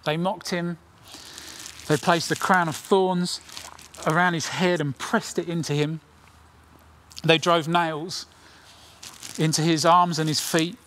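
Middle-aged preacher guy, kinda high voice, earnest sermon, goes quiet for the big lines. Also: little pitch movement, slight background noise. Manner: earnest, dramatic pauses, drops to near whisper on key lines.

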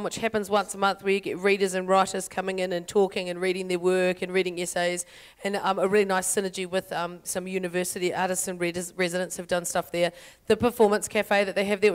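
A woman's voice: mid-range voice, clear, resonant tone. A New Zealand woman hosting a comic panel on stage, chatty and full of jokey asides. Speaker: panel host. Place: lecture stage before audience.

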